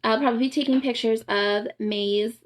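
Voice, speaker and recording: A woman's voice: a little high, steady tone, normal speed. A young adult woman with a Southern US accent, a photographer giving a blunt, profane, ranting pep talk on a casual live stream. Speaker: boudoir photographer and empowerment coach.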